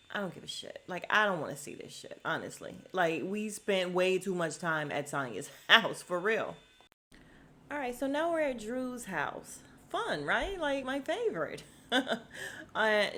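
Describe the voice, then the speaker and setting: A woman's voice: fairly low pitch, fairly bright tone, a little hiss or hum. A middle-aged woman hosting a podcast from home, casually recapping a reality show with blunt, sassy asides and laughs.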